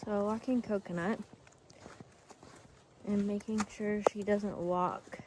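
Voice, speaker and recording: A woman's voice: medium pitch, steady tone, slow, noisy background. A young woman who works on a farm, talking casually through a vlog in a rambling way that often drops to a whisper. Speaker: farm worker vlogger. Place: outdoors on a farm, later an office.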